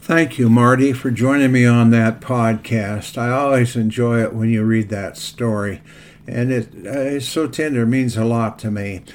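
A man who pastors and hosts a podcast, wrapping up the episode. He talks in a relaxed, plain-spoken way with a few fillers. His voice is mid-pitched. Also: moderate pace, a little hiss or hum. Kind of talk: casual podcast outro.

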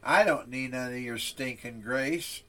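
A man's voice: medium pitch, measured pace, a bit bright, close to an everyday voice. A man voicing a rebellious young boy who sneers and later begs tearfully. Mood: defiant. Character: defiant young boy, rebellious then sobbing.

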